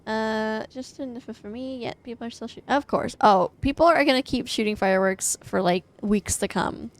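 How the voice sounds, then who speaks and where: A young woman from the American Midwest chats loosely through a gaming stream at home. Her voice sits a little high, and she rambles, swears freely and laughs between thoughts. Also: moderate pace. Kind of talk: casual live-stream chat while gaming. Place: home, indoors.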